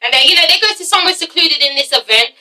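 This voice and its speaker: A woman reviews a TV drama in a casual vlog, her high voice animated and sharp as she talks very fast. She's emphatic, swears often, and keeps asking "okay?", all captured on a rough recording with a distant mic.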